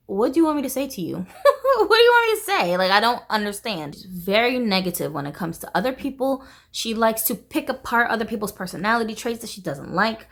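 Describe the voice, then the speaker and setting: A woman's voice: medium pitch, fairly bright tone. A woman vlogger venting in a casual monologue, blunt, profane and exasperated.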